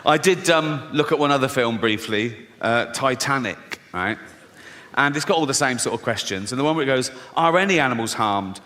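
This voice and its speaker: A man's voice: medium pitch, lively intonation, moderate pace, slight background noise. A man doing a profane, mocking stand-up routine and laughing at his own jokes. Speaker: stand-up comedian. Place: large theatre stage. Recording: live hall with loud crowd laughter.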